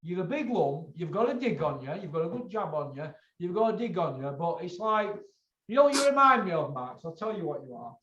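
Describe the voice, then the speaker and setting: A man's voice: high-pitched, very animated, a little fast, fairly bright tone. A man hosting a boxing chat show, blunt and lecturing, swearing freely. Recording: echoey, dull lo-fi room sound.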